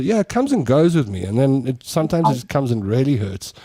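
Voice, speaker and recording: A man hosting a relaxed talk show, chatting, reading out listener messages and telling stories with easy laughs. His voice sits at a middle pitch and sounds close and dry, with no room echo. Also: a little fast, hardly any pauses, husky. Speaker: radio show host. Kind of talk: casual talk-show chat.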